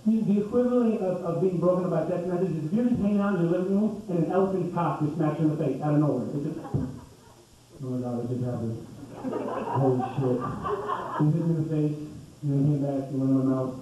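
A man doing a stand-up comedy set, ranting loudly and incredulously, swearing freely and bantering with the crowd. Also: a little high, very fast. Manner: loud, profane, incredulous rants with audience banter. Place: comedy club stage. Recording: roomy, distant, dull club recording.

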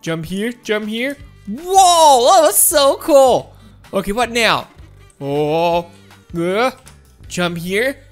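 A woman giving excited let's-play commentary, often shouting and constantly calling out to the viewers as guys. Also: fairly high pitch, very slow, faint music behind. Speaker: gameplay commentator.

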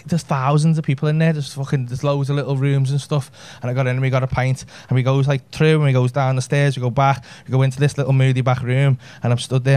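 A man's voice: medium pitch, a little mellow, dry recording. A man, telling a brash, sweary story in a stand-up set. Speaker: stand-up comedian. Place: comedy club stage with audience laughter.

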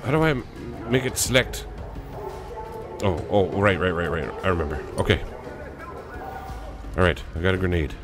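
A man's voice: sits low, animated, normal speed, long pauses, over music. A man with a cold giving frantic, jokey commentary while playing a video game. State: has a cold. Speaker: let's play gamer. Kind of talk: gaming commentary.

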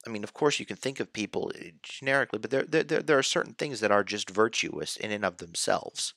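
A man slowly thinking aloud in a casual philosophy discussion, hesitant, with restarts. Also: lowish voice, creaky, fairly bright tone, no room sound, studio quality. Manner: slow, hesitant, with restarts and sighs.

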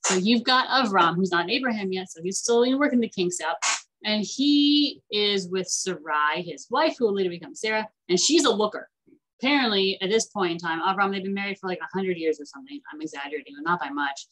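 A woman teaching an online class in a chatty, animated way, acting out the characters as she retells stories. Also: medium pitch, fairly quick, a little hiss or hum, rough recording.

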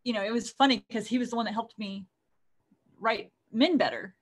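A woman's voice: on the high side, a little fast. A woman author co-hosting a casual podcast, talking in a chatty, rambling way full of fillers. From United States. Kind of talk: casual chat.

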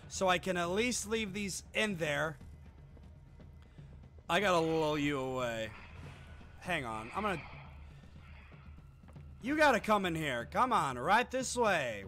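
Male gaming streamer, high and bright with gravelly fry, slow pace, swings between mutters and shouts. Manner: loud, excitable, swears a lot, shouts at game enemies. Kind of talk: live gameplay commentary.

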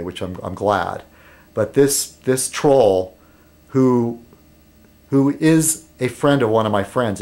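Vlogging from home, a man with a fairly low voice rambles through a casual monologue. He halts with fillers and restarts, then livens up whenever he imitates other people.

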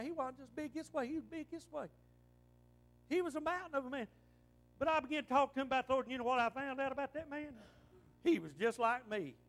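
Folksy Appalachian preacher, high voice. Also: male voice. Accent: Southern Appalachian. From western North Carolina. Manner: folksy storytelling with dialect. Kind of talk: sermon. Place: church.

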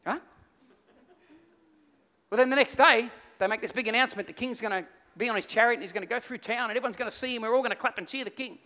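A male pastor preaching a sermon, telling stories with lively acted-out voices. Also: very high-pitched, very fast, hardly any pauses. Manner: animated storytelling, acts out voices in the story. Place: church hall. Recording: reverberant church hall.

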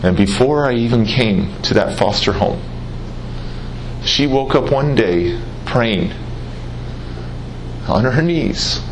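A man giving an earnest personal testimony speech, telling his story with dramatic pauses and repetition. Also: mid-range voice, animated. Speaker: public speaker. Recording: roomy hall, faint noise.

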